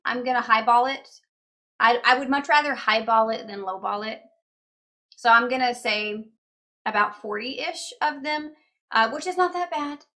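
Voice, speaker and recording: A woman teaching a beginner language lesson in a chatty manner, explaining grammar with examples and repeating words slowly. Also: fairly high pitch, pushed and bright.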